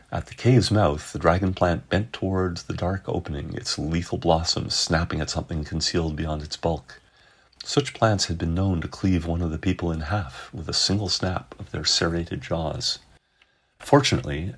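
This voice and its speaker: A man narrating a science fiction story in a measured, dramatic way. His voice sits very low and has a husky grain. The delivery is steady and scripted.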